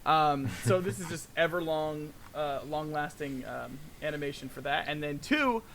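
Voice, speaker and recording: Bright, excitable man telling stories. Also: a little high, moderate pace, gravelly. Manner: animated storyteller, laughs often, acts out quoted exchanges. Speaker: guest animator. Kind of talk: casual podcast chat.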